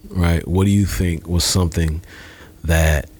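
A man talking as a podcast guest, an author and speaker who tells stories with animated energy. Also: deep voice, unhurried, husky. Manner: animated storyteller who acts out voices. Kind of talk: podcast conversation.

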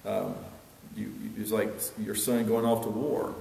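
A man preaching a sermon earnestly, building to emphatic peaks and then dropping quiet. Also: fairly low pitch, little pitch movement, a little slow, gravelly, a little hiss or hum. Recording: echoey hall with long reverb, faint ambience.

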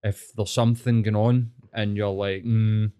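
A man's voice: lowish voice, little pitch movement, measured pace, warm tone, clear, resonant tone. A man, casually explaining ideas and swearing now and then.

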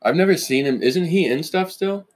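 A young man co-hosting a podcast, joking in a playful, deadpan way. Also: a little high, normal speed. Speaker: podcast co-host. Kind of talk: casual chat.

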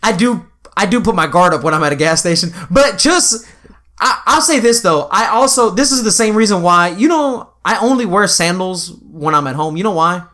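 At a normal speed and in a high voice, a man co-hosting a casual podcast tells animated stories. Swearing frequently, he performs the quotes as he goes.

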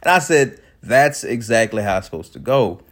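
Man, late 30s, from the Chicago suburbs. Lively, expressive pitch, laughs through a casual vlog story. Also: moderate pace. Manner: animated, laughs often, swings from loud excitement to quiet asides. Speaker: vlogger.

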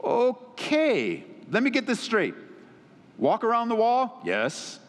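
A higher, eager voice from a preacher acting out a bewildered warrior leader, rattling off questions in disbelief. His voice echoes with long reverb in a large hall. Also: wildly swooping pitch, full character voice. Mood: incredulous. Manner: quick, questioning, incredulous. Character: puzzled eager male warrior leader checking orders.

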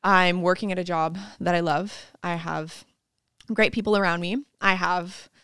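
Woman guest, bubbly storyteller, acts out quotes; smooth voice, dry close mic. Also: on the low side, fairly even intonation, measured pace, fairly bright tone, dry recording. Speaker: podcast guest, fitness coach. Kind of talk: casual interview chat.

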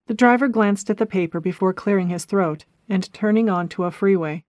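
Steady male audiobook narrator, dry close sound. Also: sits high, no echo. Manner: steady, measured storytelling. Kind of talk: scripted narration.

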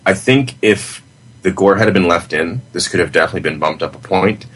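A man co-hosting a podcast, giving measured, earnest opinions about a movie in casual chat. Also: low voice, fairly bright tone, breathy edge. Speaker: podcast co-host. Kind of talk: casual film review chat.

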